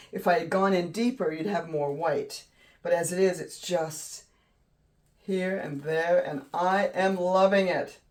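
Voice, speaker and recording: A woman hosting a casual painting tutorial, gushing and excitable, often trailing off mid-sentence. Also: fairly low pitch. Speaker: art channel host. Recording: voice a bit distant from the mic.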